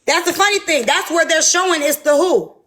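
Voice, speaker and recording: Host, woman, high bright pitch, brash and cursing freely, unscripted livestream talk. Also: a little fast. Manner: brash, profane, defiant. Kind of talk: casual livestream chat.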